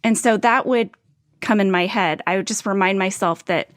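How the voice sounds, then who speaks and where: A woman's voice: medium pitch, normal speed, no echo, studio quality. A woman from St. Louis, a podcast guest and actress, candidly telling stories in an earnest, anecdotal way. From St. Louis, USA. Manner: earnest, anecdotal, with small restarts. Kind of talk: candid conversational storytelling.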